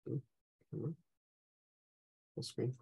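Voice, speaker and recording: A man teaching a live online drawing class, chatting casually and humming to himself as he sketches, his voice going and his throat clearing often. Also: medium pitch, takes it slowly, dark tone. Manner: casual, hums and talks to himself while sketching.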